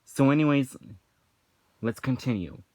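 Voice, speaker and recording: Slow, rambling man reviewing unimpressed. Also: mid-range voice, lively intonation, warm tone, dry recording. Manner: rambling, frequent restarts and filler "like"; unimpressed, dismissive. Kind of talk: casual spoken review.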